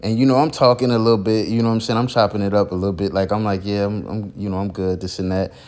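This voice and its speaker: A man's voice: fairly low pitch, level tone, fast talker, darkish tone. Rambling man full of fillers. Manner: rambling, heavy fillers, many restarts. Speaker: content creator recalling a mentor. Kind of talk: casual storytelling monologue.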